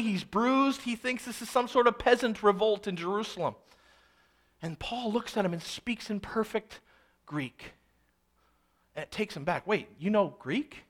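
A man preaching an expository sermon, reading scripture aloud and then explaining it with animated, dramatic emphasis. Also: high-pitched. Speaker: pastor.

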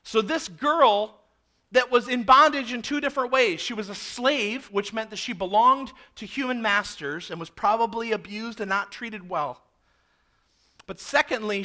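A man delivers a sermon in a high-pitched voice. His tone is bright and sharp, and he leans hard on key words before falling to a hush. His pace stays that of a preacher explaining scripture. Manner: expressive preaching, rising and dropping for emphasis. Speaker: pastor.

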